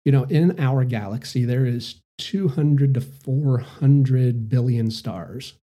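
A man's voice: medium pitch, warm tone, breathy edge. A man hosting a solo podcast, talking in a casual, rambling way with many fillers. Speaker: podcast host.

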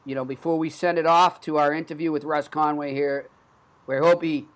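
Slightly fast and fairly even in intonation, a man with a higher-leaning voice hosts a sports podcast. He is in his thirties, has a Boston accent, and rambles in casual chat with frequent restarts.

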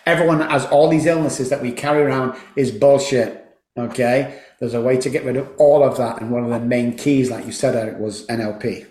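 A man's voice: mid-range voice, fairly even intonation, brisk, darkish tone. A man, a guest telling an emotional recovery story with fervent, repetitive emphasis. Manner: emphatic, fervent, repeats phrases for force. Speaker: podcast guest, addiction recovery program founder. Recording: roomy echo.

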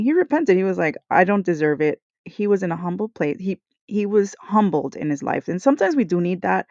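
A woman's voice: lowish voice, darkish tone, no echo. A woman hosting a podcast, giving a casual devotional reflection in an earnest, rambling way, full of "like" and "you know", on a small computer microphone. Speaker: podcast host. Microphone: small computer microphone, recording live. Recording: dull lo-fi, dry sound.

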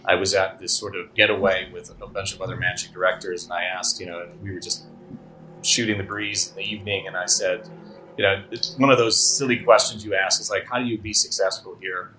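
A man with a lowish voice and a bright, forceful tone speaks as a podcast guest. He talks reflectively and tells anecdotes, often restarting his sentences as he thinks. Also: little pitch movement, brisk, slight background noise, poor audio. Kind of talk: casual interview chat.

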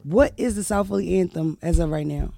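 A young woman from Philadelphia hosts a loose podcast chat, loud and brash with plenty of swearing. Her voice has a gravelly fry. The sound is dry and close. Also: on the low side, brisk, dry recording. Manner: loud, brash, animated, profane. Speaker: podcast host. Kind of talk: casual chat.

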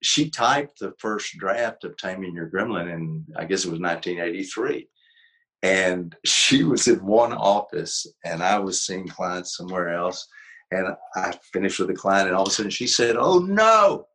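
Older man, low voice, reflective. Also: normal speed, fairly bright tone, rough recording. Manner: reflective, emphatic teaching tone. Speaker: psychologist and author, interview guest. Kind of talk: conversational interview.

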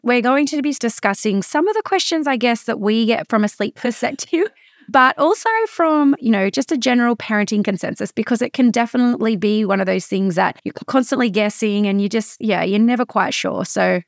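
Chatty woman co-host with a gravelly edge. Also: on the high side, brisk, no room sound, studio quality. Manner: chatty, many fillers. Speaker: podcast co-host; mother of school-age kids. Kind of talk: casual chat.

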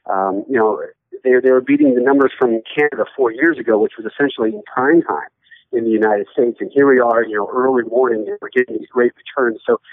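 A man who hosts a sports studio show, a guest chatting casually and joking with animated asides. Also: mid-range voice, no echo. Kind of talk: casual interview chat. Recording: tinny phone-like line.

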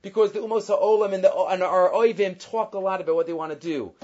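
High-voiced man teaching a Torah class. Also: fairly even intonation, fast, a little mellow, lo-fi sound. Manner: mixes Hebrew and English, quoting and explaining texts. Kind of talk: Torah class on the weekly portion.

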